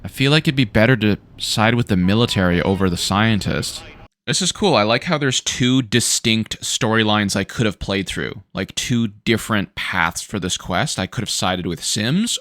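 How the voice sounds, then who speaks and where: A man casually commenting while he plays a game, excitable and quick to swear and react. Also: lowish voice. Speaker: gaming YouTuber. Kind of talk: casual let's-play commentary.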